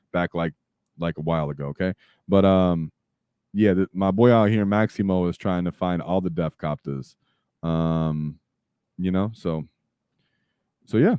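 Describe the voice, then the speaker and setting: A man hosting a casual livestream chat, talking in an animated way with lots of fillers and sudden shouts. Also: sits low, dry recording, clean studio sound. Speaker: streamer host.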